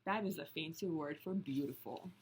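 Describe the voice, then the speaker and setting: A woman reading a picture book aloud, slow and deliberate, stopping to point out the pictures. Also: low-pitched, darkish tone, slight background noise. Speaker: storybook reader.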